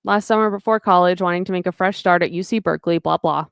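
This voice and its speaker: A woman's voice: lowish voice, fast talker, gravelly, clean tone, dry recording, studio quality. Friendly young man figure read by a woman podcaster; rueful, barely voiced.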